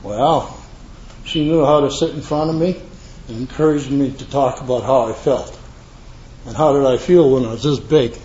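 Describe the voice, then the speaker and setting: A man's voice: mid-range voice, moderate pace, mellow. An older man tells his recovery story to a live audience in a rambling, earnest way with folksy asides. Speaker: recovery meeting speaker. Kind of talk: personal testimony to a live audience. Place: meeting room with an audience. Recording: echoey room, dull lo-fi sound, faint hiss.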